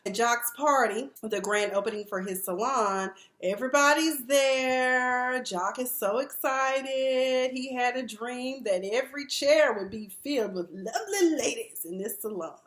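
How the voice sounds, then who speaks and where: A woman's voice: fairly high pitch, a little slow, few pauses, fairly bright tone. Blunt, outspoken woman in an echoey room. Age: 40s. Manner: blunt, candid, profane, mimics the people she discusses. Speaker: reality TV recap vlogger. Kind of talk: casual commentary. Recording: roomy echo.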